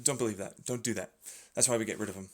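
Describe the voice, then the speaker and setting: A man's voice: fairly low pitch, fast talker. A young man rambling in a sarcastic, profane vlog monologue, jumping in and out of mock voices as he argues with himself. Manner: jumps between mock voices, sarcastic, swears a lot. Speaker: vlogger. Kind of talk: rambling monologue acting out arguments.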